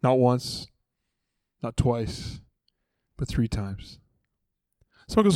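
A man's voice: medium pitch, big pitch swings, drawn-out words, long pauses, a little mellow, dry recording. A man preaching a sermon in a conversational way, acting out the dialogue of the story in casual, everyday voices. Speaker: pastor.

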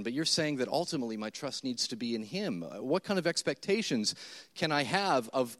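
In his thirties, a male pastor with a medium-pitched voice preaches a sermon before his congregation at a church service. He speaks conversationally, repeating words and acting out his own thoughts.

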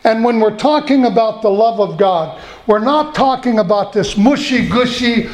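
A middle-aged man preaching a sermon in a folksy way, slowing down to repeat key points. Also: sits high, animated. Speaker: pastor. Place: church. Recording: echoey church room.

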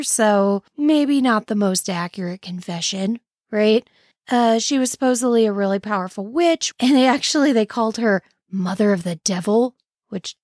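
A woman's voice: a little high, darkish tone, no echo, studio quality. Sarcastic woman hosting a history podcast. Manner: sarcastic, wry asides. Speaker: podcast host. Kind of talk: casual history podcast narration.

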